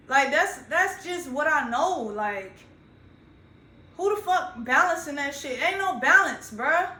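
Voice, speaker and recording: A woman's voice: sits high, expressive, a little slow, sharp tone. A young adult woman, a content creator, talking straight to her phone in a rambling, profane, slang-heavy vlog monologue. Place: indoors, standing while talking. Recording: echoey room.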